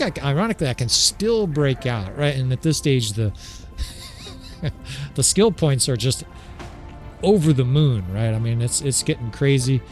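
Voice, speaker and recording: Excitable dude talking over his strategy game, swears a lot, laughs, keeps saying right?, loud game music behind him. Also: medium pitch. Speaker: gameplay commentator. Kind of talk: casual gameplay commentary. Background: game soundtrack music.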